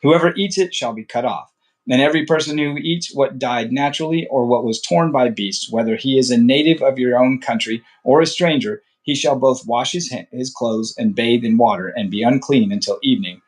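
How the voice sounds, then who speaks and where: A man reads scripture aloud at a steady, even pace, his voice sitting at an ordinary middle pitch. He trips over a word now and then and starts the phrase again. Between passages he drops into loose, casual asides. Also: a little fast. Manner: steady reading with occasional slips and restarts. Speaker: Bible reader.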